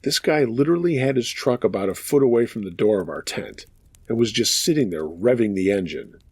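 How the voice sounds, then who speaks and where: A man's voice: medium pitch, expressive, a little fast, darkish tone, slightly rough, no echo. A man hosting a show of true scary stories, reading listener accounts aloud in a casual, profane storytelling manner.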